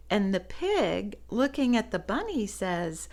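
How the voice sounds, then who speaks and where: A woman reading a picture book aloud to children, gently pointing out the pictures and laughing softly. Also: medium pitch, sing-song, slow pace, hardly any pauses.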